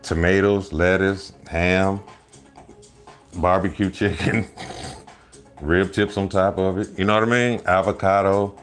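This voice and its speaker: A man with a fairly low voice hosts a live stream, joking and rambling to his viewers in a loud, teasing way. He keeps breaking into laughter, and faint music plays behind him. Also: fairly even intonation, slow, pauses often. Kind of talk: casual comedic live stream chat.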